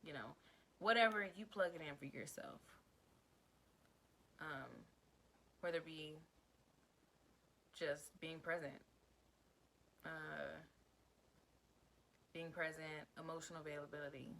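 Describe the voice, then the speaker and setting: Chatty woman vlogger with a low voice. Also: slow pace, creaky, long pauses, bright, forceful tone, a little hiss or hum, rough recording. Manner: chatty and emphatic, calls the viewer girl and babe; glances down at written notes. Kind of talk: casual advice talk to camera.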